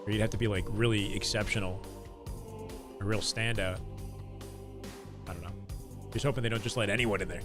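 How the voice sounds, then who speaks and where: A man's voice: fairly low pitch, fairly even intonation, fairly quick, long pauses, music in the background. A man from Canada talking loosely to his chat while watching and calling gameplay, casual and reactive. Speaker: livestreamer. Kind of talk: casual stream chat and game commentary.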